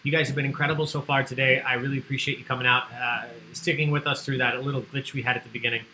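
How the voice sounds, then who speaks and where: Bright-voiced chatty trivia host man. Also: mid-range voice, little pitch movement, quick pace, slight background noise, poor audio. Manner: chatty, joking, reads out answer lists. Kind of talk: casual livestream trivia hosting.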